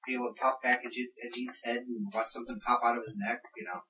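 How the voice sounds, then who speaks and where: A man's voice: medium pitch, flat delivery, fast talker, pushed and bright, slightly rough, low-quality recording. A man, writer and director of the production, joking laid-back with his actor between takes.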